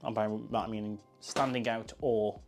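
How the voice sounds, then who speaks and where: A man's voice: on the low side, fairly even intonation, normal speed, a little mellow, faint music behind. Chatty man streaming. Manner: chatty, joking, answering chat while making coffee. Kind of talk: casual live-stream chat.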